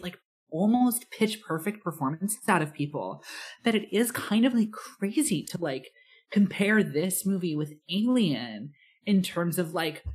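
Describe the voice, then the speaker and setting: A woman with a very low, husky voice co-hosting a casual podcast. She talks eagerly about films, stringing thoughts together with many fillers. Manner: enthusiastic, lots of "like". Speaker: podcast co-host. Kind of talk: casual chat about movies.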